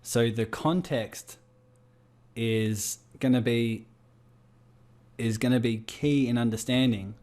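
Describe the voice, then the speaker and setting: Brief: Australian male business coach, mid-pitched, on a video call, keeps asking the group rhetorical questions. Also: fairly even intonation, slow, pauses often, a little mellow.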